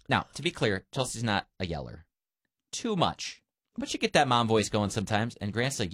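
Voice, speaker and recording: A man's voice: fairly low pitch, big pitch swings, normal speed, fairly bright tone, dry recording, clean studio sound. A man hosting a radio show, chatting playfully and acting out quotes as he tells a story. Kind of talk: casual morning show banter.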